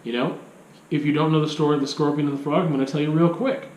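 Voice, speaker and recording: A man's voice: a little high, fairly even intonation, fast talker, darkish tone, echoey room, a little hiss or hum, rough recording. Rambling man reviewing a film. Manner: rambling, many restarts and rhetorical questions.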